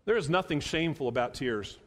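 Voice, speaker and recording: High-voiced preacher in a reverberant hall. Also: male voice, lively intonation. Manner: emphatic, repeats phrases, slows to stress words. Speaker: pastor. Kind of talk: sermon.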